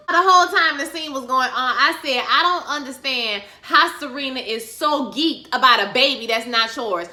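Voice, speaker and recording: Sassy, animated woman recapping a show. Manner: animated, sassy, profane, acts out characters in big high voices. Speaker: TV recap vlogger. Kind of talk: casual TV recap vlog. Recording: echoey room.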